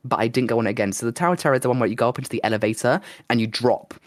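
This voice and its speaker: A slightly hoarse man co-hosting a podcast, telling rambling, excitable stories in casual chat. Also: mid-range voice, racing, no room sound, studio quality. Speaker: podcast co-host.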